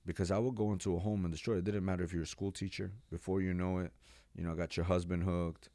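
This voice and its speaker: A man in his forties, a pastor from New York, telling his life story as a podcast guest in an animated, casual way with slang. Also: deep voice, fast talker, dry recording, clean studio sound. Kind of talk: personal testimony in a podcast interview.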